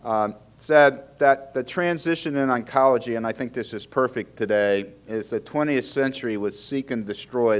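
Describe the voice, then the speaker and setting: A man's voice: fairly low pitch, clear, resonant tone. A man giving a conversational medical lecture, chatty and often restarting his sentences, asking the audience questions. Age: older. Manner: chatty, self-interrupting, asks the audience questions. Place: lecture hall.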